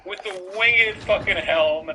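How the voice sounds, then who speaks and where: A man's voice: high voice, slow pace, sharp tone, slight background noise, rough recording. A man giving casual reaction commentary on a video, sarcastic and profane, rambling with lots of fillers. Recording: music playing underneath.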